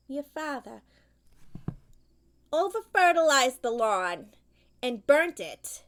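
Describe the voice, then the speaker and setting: A woman's voice: high-pitched, big pitch swings, drawn-out words, fairly bright tone, exaggerated voice. A woman playing an opinionated, gossipy mother who rambles and complains to her grown child on the phone in a comedic monologue. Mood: gossipy complaining.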